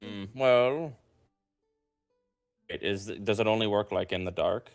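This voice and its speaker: A man's voice: lowish voice, measured pace, dry recording, studio quality, faint music behind. A man chatting playfully as a player in a tabletop game. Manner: playful, animated. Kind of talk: casual chat.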